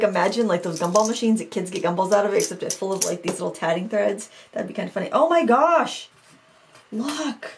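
A woman's voice: medium pitch, gravelly. A woman craft vlogger from Maine, chatting casually and thinking aloud as she sorts through old things, often joking at her own expense. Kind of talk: casual chat.

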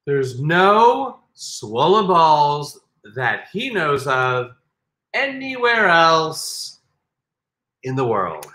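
A man co-hosting a podcast in casual chat, animated and teasing, swearing freely. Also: a little high, extremely slow, few pauses. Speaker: podcast co-host. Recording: echoey room.

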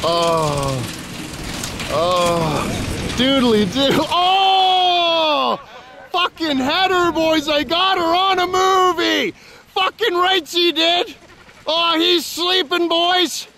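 A man's voice: very high-pitched, slow pace. A man filming his friends outdoors, cursing and laughing as he comments. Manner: excitable, swearing, laughing. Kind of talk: casual profane commentary. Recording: noisy outdoor recording, vehicles.

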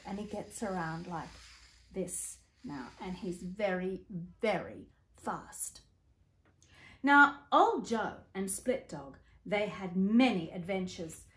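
Australian female storyteller for children, unhurried, playful, interactive with listeners. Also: medium pitch. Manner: playful, animated sound effects, addresses listeners.

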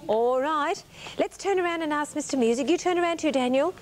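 A woman's voice: high-pitched, fairly quick. A woman hosting a children's television show, coaxing and encouraging preschoolers in a studio with a sing-song manner. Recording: hissy 1980s TV broadcast tape.

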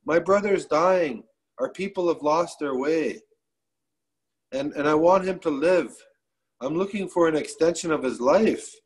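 A man's voice: a little high, measured pace, breathy edge, low-quality recording. A man voicing a desperate young woman in a spoken story, earnest and defiant as she pleads for her dying brother. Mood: pleading.

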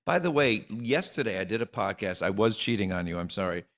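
A man's voice: lowish voice, expressive, fairly quick, fairly bright tone. A middle-aged man, a comedian guest, talking in a rambling, joking way full of restarts and asides. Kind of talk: casual interview chat.

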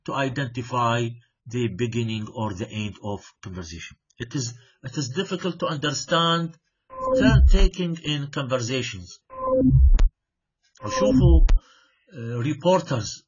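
A male lecturer explains things to a class in English, repeating points and checking understanding as he goes. His pitch moves animatedly up and down, and his voice has a slightly husky edge. The recording sounds dull and lo-fi. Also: big pitch swings, unhurried. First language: Arabic. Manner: repeats himself, checks with "right?", switches into Arabic asides.

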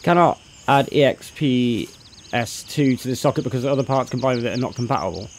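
A young man talks through a game live, thinking aloud as he sorts his gear. He chats casually with his viewers and greets them in a loud, upbeat burst. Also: mid-range voice, brisk, a little hiss or hum. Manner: chatty, thinks aloud, greets chat loudly. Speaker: game streamer. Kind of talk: live gameplay commentary.

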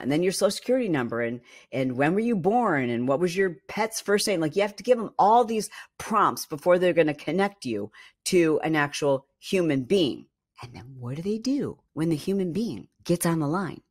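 A woman host talks casually on her podcast, piling up fillers as she vents her frustration. Her voice sits a little low, and her delivery is lively and irritated. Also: moderate pace. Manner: animated, exasperated ranting with frequent fillers.

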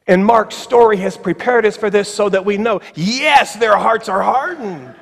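A man preaching a sermon as pastor, emphatic, slowing on key phrases, with ironic asides. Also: high voice, lively intonation, gravelly. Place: church sanctuary. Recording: long church reverb.

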